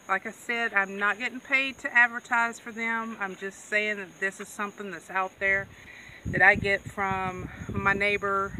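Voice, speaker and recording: Slow-talking woman outdoors on a farm. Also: medium pitch. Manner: chatty, laughs often, coaxes animals. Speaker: goat farmer vlogger. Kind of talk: casual farm vlog. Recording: distant outdoor mic, background noise.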